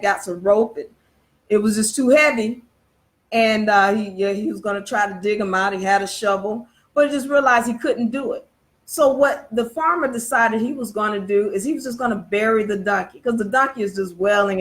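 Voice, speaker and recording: A woman hosting a casual live-stream talk, telling a parable at a meandering pace with many fillers, restarts and rhetorical questions. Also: mid-range voice.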